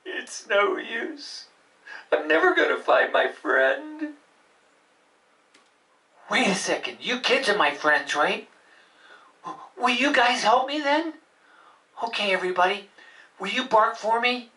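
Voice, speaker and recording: A woman's voice: fairly high pitch, lively intonation, slow pace, vocal fry, pauses often, pushed and bright, full character voice. A woman voicing a lost, sad little dog in a live puppet show, meek and pleading, recorded from a distant mic. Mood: forlorn.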